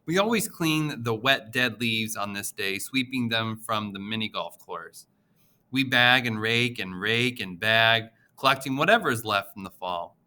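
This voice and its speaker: A man narrating an audiobook in the first person, with an expressive, emotional reading. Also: on the low side, measured pace.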